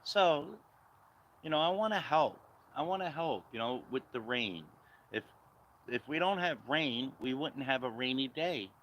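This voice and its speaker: A man's voice: mid-range voice, lively intonation, a little slow, fairly bright tone, lo-fi sound, a little hiss or hum. A man putting on a mocking impression of a woman politician who talks in circles and speaks down to people. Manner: singsong, circular, talking down.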